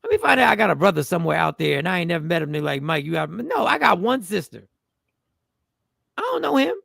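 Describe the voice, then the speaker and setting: A man's voice: fairly high pitch, sing-song, quick pace, gravelly, fairly bright tone, dry recording, clean studio sound. A man hosting a casual chat, playful and joking with his co-host. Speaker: podcast host.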